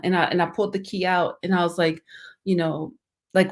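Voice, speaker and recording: Earnest woman with a lowish voice. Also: fairly even intonation, quick pace. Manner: earnest, rambling, many fillers and restarts. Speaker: life and motivational coach, guest. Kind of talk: personal survival story told in conversation.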